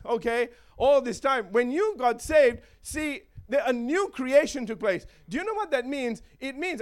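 High-pitched lively preacher man. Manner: animated, joking asides with chuckles. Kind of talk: sermon.

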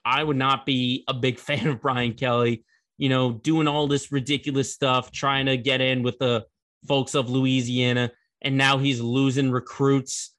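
A man's voice: mid-range voice, flat delivery, measured pace, fairly bright tone. A young man hosting a casual sports commentary show, chatty and rambling, laughing at the story.

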